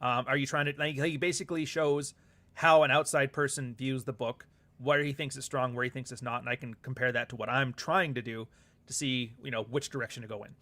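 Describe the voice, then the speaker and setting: A man's voice: medium pitch, fairly even intonation, fairly quick, bright, forceful tone. Rambling, profane man chatting casually. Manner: rambling and profane, with frequent laughs; reads viewer comments aloud. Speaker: author and livestream host. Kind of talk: casual livestream chat.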